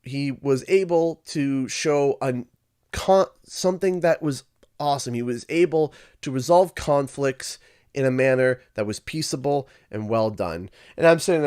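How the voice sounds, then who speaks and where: A man from Canada hosting a livestream, telling a school story in a casual, animated way. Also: mid-range voice, normal speed. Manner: animated, acts out quoted voices. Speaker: livestream host.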